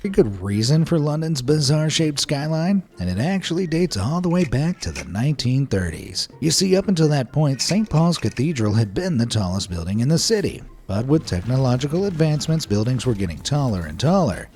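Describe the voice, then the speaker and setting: A man's voice: medium pitch, very animated, fairly quick, hardly any pauses, darkish tone. A man narrating a scripted video, with playful, wry asides.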